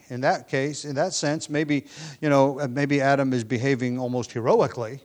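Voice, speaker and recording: A man's voice: mid-range voice, steady tone, moderate pace, darkish tone. A man preaching a sermon in a conversational way, thinking aloud and acting out quoted lines.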